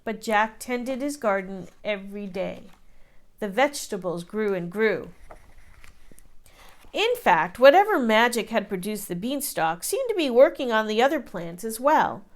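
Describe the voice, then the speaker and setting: Expressive woman reading a picture book. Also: mid-range voice. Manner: expressive, slow storytelling. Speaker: teacher reading to children. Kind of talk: children's book read-aloud.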